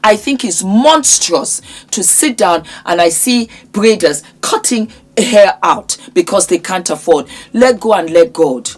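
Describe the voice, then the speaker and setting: A woman's voice: medium pitch, animated, unhurried, few pauses. A woman vlogger with a sore throat, giving an impassioned, scolding commentary with emphatic repetition. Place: in England.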